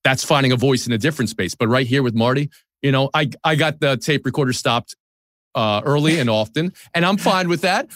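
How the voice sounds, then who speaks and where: A man's voice: mid-range voice, a little fast, fairly bright tone, no room sound. Candid man in his forties, dry studio sound. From New York area. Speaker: sports TV host. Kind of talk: podcast conversation.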